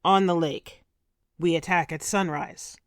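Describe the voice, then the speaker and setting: A woman voicing a gruff male Viking ship skipper in an audiobook, barking orders. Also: lowish voice, steady tone, measured pace, no room sound, studio quality, lightly acted. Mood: grim.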